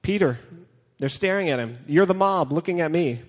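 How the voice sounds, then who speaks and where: Preaching a casual, joking sermon to a young crowd, a man with a high-ish, lively voice retells and reads aloud a Bible story with dramatic flair. He keeps a moderate pace, and a long hall reverb surrounds the recording.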